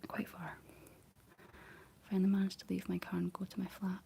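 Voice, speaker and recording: A young Scottish woman whispering soft ASMR chat, rambling gently to her viewers while she paints, close on the mic. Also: medium pitch, monotone, brisk, gravelly, slightly rough. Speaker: ASMR livestream host.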